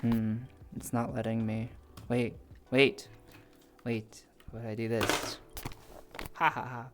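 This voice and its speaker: A woman streamer chatting casually with her viewers, bubbly, swinging between soft murmurs and high squeals. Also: little pitch movement, slow, background noise. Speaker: live streamer.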